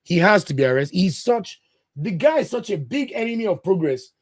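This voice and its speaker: A man's voice: high-pitched, very animated, brisk, slightly rough. A man hosting a live football watch-along, ranting bluntly and passionately while speaking directly to his chat, with a delivery his family compares to a preacher's. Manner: sermon-like delivery. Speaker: football podcast host.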